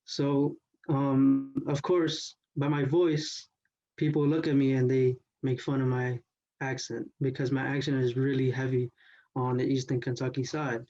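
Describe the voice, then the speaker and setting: A man's voice: medium pitch, flat delivery, unhurried, dark tone, highs cut off. A teenage boy retelling a partner's story in first person, talking loosely with lots of "like" and "you know". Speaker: student storyteller.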